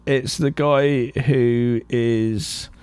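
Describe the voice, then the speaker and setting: A man co-hosting a podcast, casually retelling film scenes in an animated way and putting on the characters' voices. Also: medium pitch, very slow, clear, resonant tone, no room sound. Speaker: podcast co-host.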